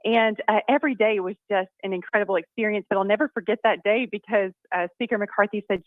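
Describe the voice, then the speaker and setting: A woman's voice: medium pitch, steady tone, brisk, few pauses, no room sound. A congresswoman, talking enthusiastically as a guest on a radio show. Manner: upbeat, enthusiastic storyteller. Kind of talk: phone-in radio interview. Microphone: phone. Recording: tinny phone line.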